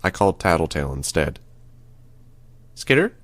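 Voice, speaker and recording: A man narrating an audiobook in the first person, reading at a steady, even pace. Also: low voice, moderate pace, no echo.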